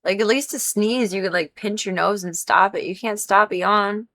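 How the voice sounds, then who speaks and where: A woman's voice: mid-range voice, moderate pace, fairly bright tone. A young woman hosting a casual gaming livestream, chatting in a rambling way full of "like", sleepy and a little stuffy-nosed. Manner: rambling, chatty, many "like" fillers. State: sleepy, yawning, stuffy nose. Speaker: livestream host. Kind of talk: casual gaming stream chat.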